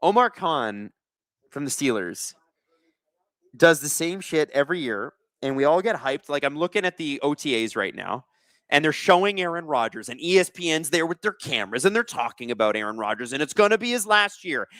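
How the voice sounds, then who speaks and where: Here the watch-along host sounds very animated, his fairly high, fairly bright voice moving at a moderate pace in a dry recording. He reads viewer chat aloud during the live sports stream, joking sarcastically and cursing freely.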